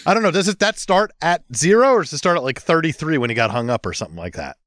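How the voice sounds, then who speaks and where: A man banters on a comedy podcast, teasing his co-host with mock outrage. His slightly high voice swings a lot in pitch, and the recording is dry and close. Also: animated, fast talker, a bit bright, no echo. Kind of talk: casual comedic chat.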